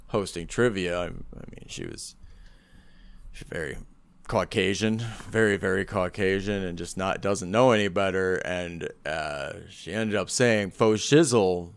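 A man's voice: low voice, vocal fry, clean tone. A man co-hosting a podcast, telling a story in casual, rambling chat full of swearing. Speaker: podcast co-host.

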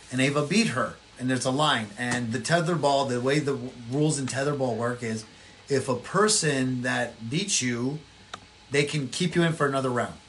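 A man co-hosting a casual political chat podcast, telling stories in a rambling way and doing quick voices for the people in them. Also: medium pitch, slight background noise. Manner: rambling, animated storytelling with voiced impressions. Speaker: podcast co-host.

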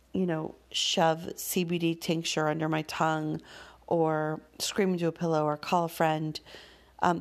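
A woman speaking as a parent, sharing a personal story in a candid, thoughtful monologue with soft fillers and sighs. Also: low-pitched.

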